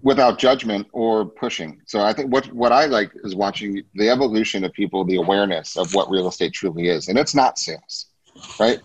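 A man's voice: fairly low pitch, a little fast, breathy edge, dry recording, poor audio. A man hosting a business talk in a coaching manner, often checking in with rhetorical questions. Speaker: host.

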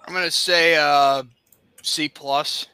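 A podcast co-host in a casual chat, talking loudly and breaking into laughter. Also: medium pitch, steady tone, takes it slowly, clear, resonant tone, dry recording, clean studio sound.

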